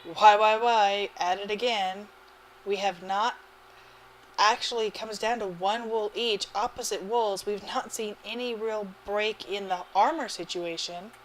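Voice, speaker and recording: A woman giving live commentary on an online game match, chatty and quick to laugh. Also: mid-range voice, low-quality recording. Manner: chatty, laughs often, excitable. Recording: faint background noise.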